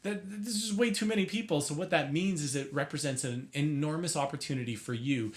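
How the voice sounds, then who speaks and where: Young male marketing coach, fairly high voice, energetic to-camera delivery with chatty asides and self-corrections. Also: brisk. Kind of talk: direct-to-camera teaching.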